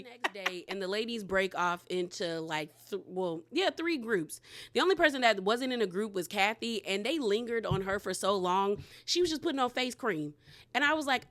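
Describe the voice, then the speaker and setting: A woman's voice: on the high side, expressive, moderate pace, fairly bright tone. A woman hosting a reality TV recap, talking candidly in slangy, emphatic casual commentary.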